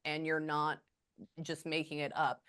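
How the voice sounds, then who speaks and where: Woman medium, lowish voice, stop-start delivery with murmured asides over a video call. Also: monotone, smooth. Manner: halting, with many "hold on" pauses and quiet murmured asides. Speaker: psychic medium.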